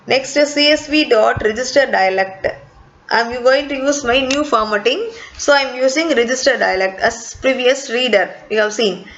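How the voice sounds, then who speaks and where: A woman teacher walks through a lesson step by step, repeating key points with many fillers. Her voice sits on the high side. The recording sounds dull and lo-fi. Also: normal speed, fairly bright tone, slight background noise. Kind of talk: recorded online class lecture.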